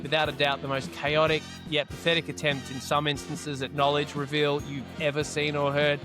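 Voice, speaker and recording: Male quiz host, brisk and jokey, slightly high register. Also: completely flat delivery, over music. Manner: brisk, laughing, crude banter. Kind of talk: casual podcast chat.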